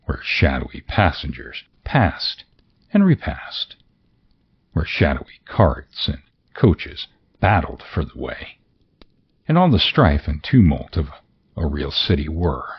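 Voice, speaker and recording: Male narrator, slow and very deep, dull lo-fi sound. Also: husky. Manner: expressive, theatrical reading. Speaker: audiobook narrator. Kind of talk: scripted narration.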